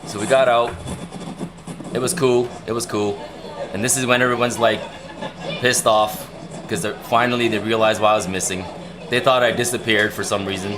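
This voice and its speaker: Brief: a livestream host, a man with a lowish voice, excitable and rambling. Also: normal speed, pauses often, crowd noise. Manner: excited, rambling, repeats himself. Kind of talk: casual chat.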